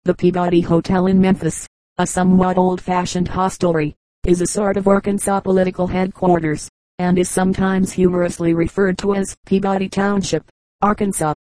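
Woman narrator, low flat delivery, mellow tone, dry close sound; steady audiobook reading. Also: a little fast, no echo, low-quality recording. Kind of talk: audiobook reading of a travel memoir.

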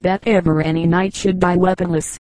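A woman's voice: lowish voice, fairly even intonation, fairly quick, a little mellow, no echo, natural voice, rough recording. A woman reading a stern, righteous knight. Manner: stately archaic speech. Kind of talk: audiobook reading.

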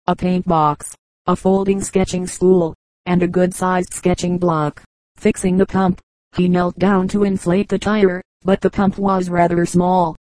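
A woman reading an audiobook with steady, measured narration. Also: lowish voice, dry recording, poor audio. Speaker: audiobook reader.

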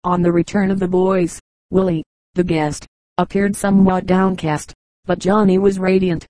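A woman reading a collection of short humorous stories aloud as an audiobook narrator, in a steady storytelling manner. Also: fairly low pitch, normal speed, dry recording, low-quality recording. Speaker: audiobook reader. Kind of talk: scripted narration.

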